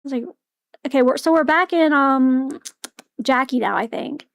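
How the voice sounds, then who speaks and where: Giggly high-voiced woman game streamer. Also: normal speed, gravelly, clean tone, no room sound, studio quality. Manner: giggly, swears, talks to herself. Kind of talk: casual livestream commentary.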